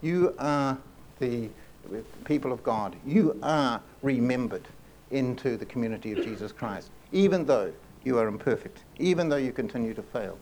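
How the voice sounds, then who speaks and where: A man preaching a sermon in an earnest way, often repeating and restarting phrases and slowing down to stress key lines. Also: mid-range voice, a little mellow, slight background noise. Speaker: pastor.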